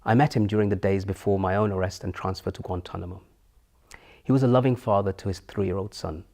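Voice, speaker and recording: A middle-aged man narrating his own memories in a solemn, measured and earnest way. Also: sits low, steady tone, a little mellow. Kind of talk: reflective memoir narration.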